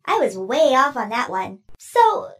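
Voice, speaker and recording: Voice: high-pitched, big pitch swings, unhurried, recorded from a distance, exaggerated voice. An actor voicing a naive, chatty male robot who keeps missing sarcasm. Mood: chirpy. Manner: chatty, earnest, misses sarcasm. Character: naive literal-minded male robot named Kika/Geek.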